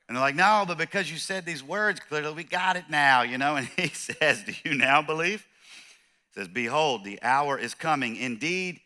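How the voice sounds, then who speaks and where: A man's voice: medium pitch, pushed and bright. A middle-aged man with a Californian accent preaching a sermon as pastor, in a conversational, joking way, acting out the voices of people in the story.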